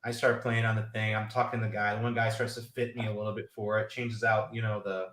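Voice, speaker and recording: A man's voice: lowish voice, flat delivery, fast, a bit bright, roomy sound. A man co-hosting a casual golf live stream, telling rambling stories and acting out the voices of the people in them. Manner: rambling storyteller, acts out quoted voices. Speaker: golf podcast co-host.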